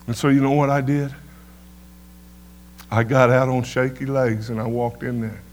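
A man's voice: medium pitch, flat delivery, normal speed, darkish tone, slight background noise. A middle-aged man preaching his testimony, telling folksy stories and tossing "amen" to the congregation. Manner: folksy storytelling, peppered with "amen" to the crowd. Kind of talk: sermon testimony storytelling.

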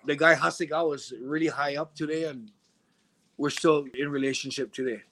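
A middle-aged man spins a story in a relaxed interview, slipping into other people's voices as he goes. His voice sits a little high. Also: brisk. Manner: animated storyteller, acts out quoted voices. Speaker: interview guest.

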